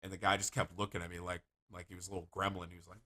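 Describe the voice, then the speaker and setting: A man livestreaming, telling rambling stories to his chat in a casual, animated way and swearing freely. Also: low voice, racing. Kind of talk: casual storytelling to stream chat.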